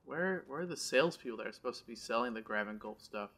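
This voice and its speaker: A man's voice: mid-range voice, lively intonation, quick pace, a bit bright. A man hosting a video game playthrough with casual commentary, direct and teasing. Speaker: host.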